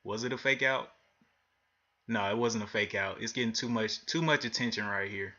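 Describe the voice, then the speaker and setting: A man's voice: on the low side, moderate pace, pushed and bright, highs cut off. A man giving live commentary on his day trading, thinking aloud and frustrated as he watches the charts. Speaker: livestream day trader.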